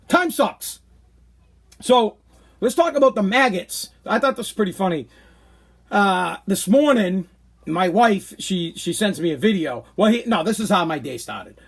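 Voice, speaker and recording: A man, hosting a podcast with an animated, exasperated rant. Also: sits high, a little slow, breathy edge. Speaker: podcast host. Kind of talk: casual ranting monologue.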